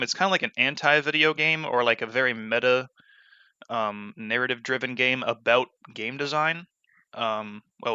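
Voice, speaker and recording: A man's voice: mid-range voice, sharp tone, clear, resonant tone, no room sound. A man casually commenting on a game as he plays, rambling with fillers and false starts, on a dull lo-fi mic. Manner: rambling, many fillers and restarts. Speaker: let's play gamer.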